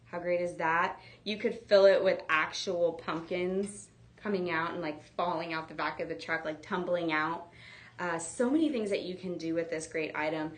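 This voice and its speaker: A woman hosting a live home decor shopping show, chatting casually with lots of fillers as she demonstrates products. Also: fairly low pitch.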